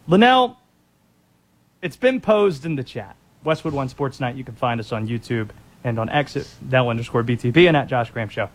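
A man's voice: mid-range voice, lively intonation, moderate pace, pauses often. A man hosting a sports talk show, teasing his co-host and setting up topics. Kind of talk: sports talk radio banter.

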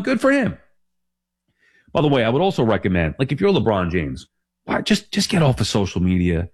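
A man in his forties hosting a sports talk show, rambling and emphatic as he corrects himself. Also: fairly high pitch. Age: 40s.

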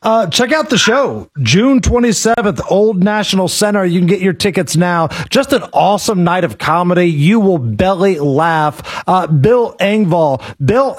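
A man's voice: high voice, expressive, moderate pace, few pauses, breathy edge. A man co-hosting a casual radio interview, upbeat as he asks questions and plugs an upcoming show.

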